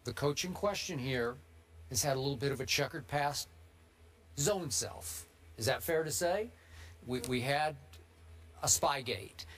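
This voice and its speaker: A man hosting a sports debate show, building his argument point by point in a lively, pressing way. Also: medium pitch, a little slow, pauses often, slightly rough.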